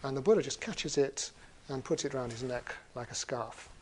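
A man retelling an old fable in a talk, animated, with wry humorous asides. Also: mid-range voice, moderate pace, slight background noise. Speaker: storyteller. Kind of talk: storytelling talk.

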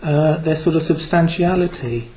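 Man, British, Buddhist teacher, dharma talk, reflective, hesitant, fillers, slightly high voice. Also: normal speed, darkish tone, poor audio.

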